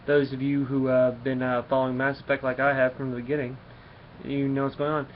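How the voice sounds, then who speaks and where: A man's voice: medium pitch, little pitch movement, a little fast. Rambling male comic book reviewer. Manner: rambling, with many fillers. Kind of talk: casual review. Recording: slightly muffled, faint background hum.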